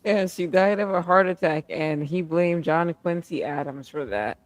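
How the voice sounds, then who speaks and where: A woman on a comedic panel, reading out history facts and then riffing with the others in an animated, teasing way. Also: lowish voice, moderate pace. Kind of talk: casual comedic panel chat.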